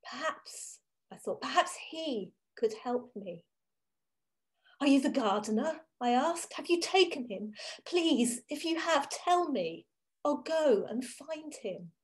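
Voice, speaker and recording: A woman giving a first-person dramatic monologue as a grieving, devoted woman disciple from ancient times, telling it slowly and with emotion. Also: on the high side, animated. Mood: awed. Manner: slow, emotional, intimate storytelling. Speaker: church reader.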